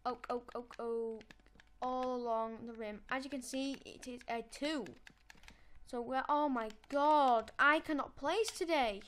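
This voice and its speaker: A woman's voice: high voice, a little slow, a bit bright. A woman giving chatty let's-play commentary, talking to herself as she builds and playfully gloating at the game. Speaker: gameplay channel host.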